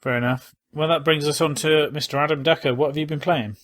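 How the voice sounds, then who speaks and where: A man's voice: on the high side, steady tone, fairly quick, a bit bright, a little hiss or hum. A man hosting a casual podcast, quizzing and teasing his co-hosts and laughing a lot. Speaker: podcast host. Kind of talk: casual chat.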